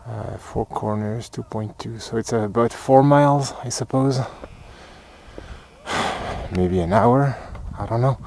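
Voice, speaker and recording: A man's voice: medium pitch, slow pace, vocal fry, a little mellow, rough recording. French man narrating a hike on foot. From France. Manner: chatty, muttering asides while walking. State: slightly out of breath. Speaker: hiking vlogger. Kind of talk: casual walking commentary. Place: outdoor hiking trail in cold weather.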